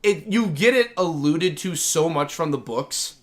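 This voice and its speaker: This gaming livestream host is a man with an expressive, slightly bright voice on the high side, speaking a little slowly. His casual, enthusiastic chatter rambles and is full of "like."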